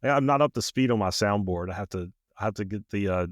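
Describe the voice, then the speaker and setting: A man co-hosting a podcast, his voice sitting low. He chats in a relaxed, casual way, reading blurbs and laughing easily. The sound is close and dry with no room in it. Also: quick pace, no echo. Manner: relaxed, reads book blurbs aloud with frequent "uh"s and easy laughs. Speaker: podcast co-host.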